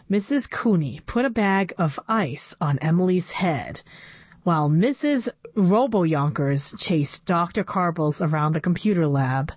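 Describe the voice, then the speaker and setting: Give me a woman narrating a children's book, slow and animated. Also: lowish voice, slightly rough, no room sound. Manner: animated, expressive reading. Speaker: storyteller. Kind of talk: reading a children's book aloud.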